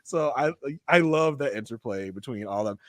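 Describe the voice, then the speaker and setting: A man in casual podcast chat, breaking down a TV episode. His voice swings widely in pitch as he mimics the characters. The sound is close and dry, with no room around it. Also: a little fast, dry recording. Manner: animated, acts out characters' lines in mocking voices. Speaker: podcast co-host.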